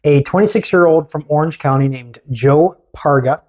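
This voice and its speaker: A podcast host telling a story in casual chat, animated and sarcastic. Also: mid-range voice, normal speed, lo-fi sound.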